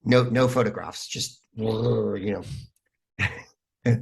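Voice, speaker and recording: A man, a comedian guest on a podcast, telling stories in a lively, rambling way with plenty of fillers. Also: lowish voice, extremely slow, vocal fry, husky. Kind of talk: casual podcast interview.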